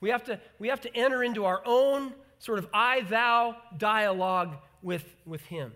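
High, bright-voiced man preaching. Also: moderate pace. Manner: animated, acts out quoted voices, emphatic repetition. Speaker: pastor. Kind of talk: sermon.

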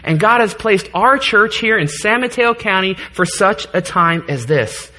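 A man's voice: high voice, animated, a little slow, sharp tone. A man in his thirties preaching a sermon to his congregation in a church, earnest, joking at times and getting choked up. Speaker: pastor.

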